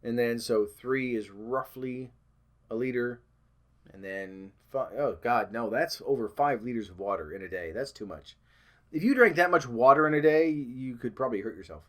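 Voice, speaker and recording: A man's voice: mid-range voice, expressive, moderate pace, fairly bright tone. A man talking casually to the camera in a vlog, rambling with frequent ums and restarts, and putting on mock-panicked voices when he quotes alarmists. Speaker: vlogger.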